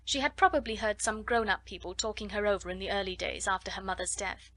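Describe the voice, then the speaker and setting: A woman reading a classic children's novel aloud as an audiobook narrator, steady and clear. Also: mid-range voice, quick pace. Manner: steady storytelling. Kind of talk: scripted narration.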